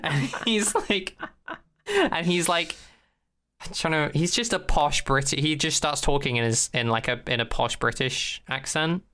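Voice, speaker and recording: Casual podcast co-host, rambling animated recap, bright voice, clear tone. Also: medium pitch, unhurried. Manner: rambling and animated, acting out scenes, many fillers. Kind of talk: casual chat recapping a TV episode.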